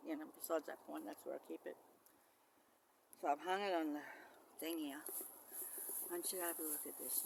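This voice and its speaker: A vlogger, filming outdoors beside a van on a handheld phone, rambling and swearing, swinging between loud outbursts and low muttering. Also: creaky, a little hiss or hum. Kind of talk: rambling handheld vlog monologue. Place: outdoors beside a parked van near mangroves.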